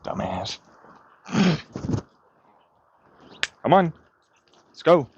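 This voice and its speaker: An agitated man rants and swears through a vlog while he walks his dog outdoors. His fairly high voice swings widely between biting mutters and sharp outbursts. The sound is dry and dull, like a lo-fi clip. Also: sing-song, drawn-out words, background noise. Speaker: vlogger. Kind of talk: profane ranting monologue.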